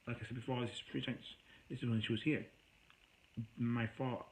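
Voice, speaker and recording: Man, vlogger, rambling and upset, mid pitch, voice climbs when angry. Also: steady tone, a little fast, fairly bright tone, slight background noise, low-quality recording. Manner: agitated, rambling, with raised voice when quoting himself; self-described voice that gets high when upset. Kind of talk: emotional personal storytelling.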